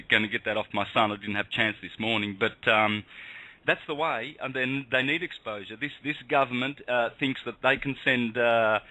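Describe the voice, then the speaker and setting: Impassioned male radio host, bright voice. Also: mid-range voice, poor audio. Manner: impassioned, emphatic ranting. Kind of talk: heated call-in radio talk.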